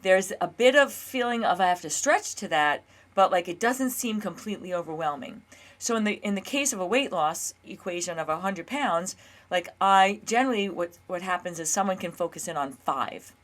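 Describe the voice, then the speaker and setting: A woman in her fifties hosts her own health and weight loss show with a slightly low voice. She talks casually and earnestly to her viewers, coaching them. Now and then she acts out her own inner dialogue. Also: expressive, normal speed. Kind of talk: casual solo talk to camera.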